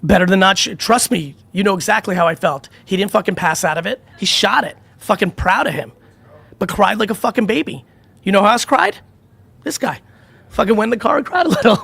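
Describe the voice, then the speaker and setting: Middle-aged guy hyping a live stream, high gravelly voice, swears a ton, dry close sound. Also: animated, a little fast, a bit bright, no room sound. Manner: intense, profane, emphatic repetition. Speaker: livestream host running giveaways. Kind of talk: unscripted live-stream pep talk and sales pitch.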